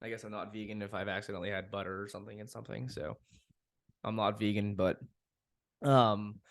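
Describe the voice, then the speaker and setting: A man's voice: on the low side, steady tone, brisk, dry recording, studio quality. A young man hosting a podcast, talking casually and frankly, venting with frequent swearing and laughing at himself. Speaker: podcast host. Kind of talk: casual solo podcast monologue.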